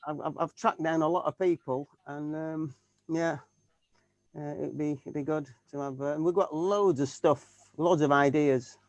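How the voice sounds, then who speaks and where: A male keyboardist talks casually and haltingly, often restarting his sentences. His voice sits a little high. The sound is dry and close. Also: fairly even intonation, no echo. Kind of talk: casual chat.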